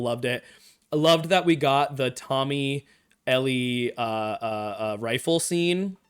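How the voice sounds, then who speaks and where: A man of ordinary pitch talks through a TV episode on a live stream. His recap is enthusiastic and rambling, and he acts out the characters' lines along the way. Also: smooth. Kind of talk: casual show discussion.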